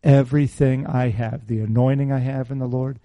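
A middle-aged male preacher with a warm, mellow tone, speaking close to the mic in a dry, dead room. He moves between scripture and a personal story and keeps asking his listeners questions in an easygoing way. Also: medium pitch, steady tone, normal speed, no echo. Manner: conversational, asks the audience questions.

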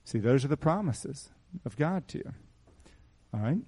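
A middle-aged man preaching a sermon in a small church, asking the congregation rhetorical questions in an animated way. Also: medium pitch, normal speed, husky. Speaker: pastor.

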